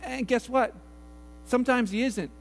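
A male pastor preaching a conversational sermon, slipping into quick acted-out voices for the people in his stories. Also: very high-pitched, vocal fry. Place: church sanctuary. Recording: roomy hall with mains hum.

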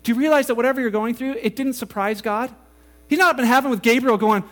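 A man preaching a sermon, animated and casual, acting out quoted voices as he goes. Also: very high-pitched, quick pace. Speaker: pastor.

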